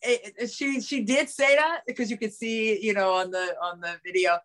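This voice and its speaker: A woman's voice: on the high side, moderate pace, a bit bright. A middle-aged woman co-hosting a sports podcast, talking loosely with lots of fillers and restarts. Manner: rambling, many fillers and restarts. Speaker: podcast co-host; former high school coach. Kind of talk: casual sports chat.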